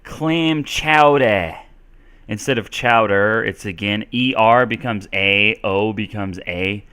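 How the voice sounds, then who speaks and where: A man's voice: fairly low pitch, level tone, unhurried, pushed and bright, smooth. A man hosting a casual live-stream English Q&A lesson, chatty, with many fillers. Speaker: English teacher and stream host.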